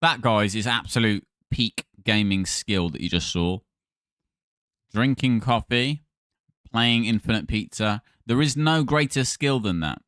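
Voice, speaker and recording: A man's voice: lowish voice, measured pace, fairly bright tone, no room sound, studio quality. A man hosting a gaming livestream, chatting casually and thanking viewers by name.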